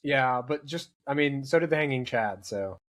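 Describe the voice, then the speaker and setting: A man's voice: medium pitch, animated, normal speed. A man in casual conversation, telling rambling stories with many restarts. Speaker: podcast guest. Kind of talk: casual chat.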